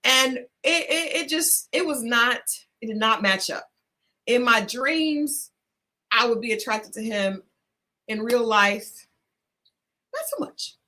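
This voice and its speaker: A woman co-hosting a talk show, telling a story in a casual, animated way, laughing often and restarting her sentences. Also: on the high side, takes it slowly. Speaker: podcast co-host.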